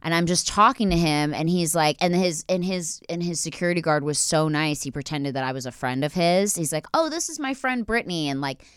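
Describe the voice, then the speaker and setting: A woman's voice: low-pitched, fairly quick, hardly any pauses, clean tone, no room sound, clean studio sound. A woman hosting a podcast, telling a story in a gushing, casual way full of "like". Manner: animated, gushing, lots of "like". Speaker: podcast host.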